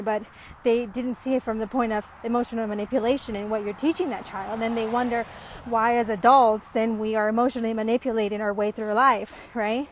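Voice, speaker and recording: A woman with a fairly high voice speaks casually to camera about parenting. She rambles, trailing off into ums and restarting her sentences, but stays earnest and gets more emphatic as she goes. A faint hum of noise sits under her voice. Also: steady tone, fairly quick. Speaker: parent vlogger. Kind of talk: casual reflective monologue to camera.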